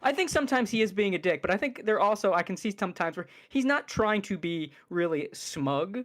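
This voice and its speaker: Podcast guy, opinionated, rambles and restarts, pitch jumps around a lot. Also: lively intonation, brisk, a bit bright. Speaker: podcast co-host. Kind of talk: casual podcast chat.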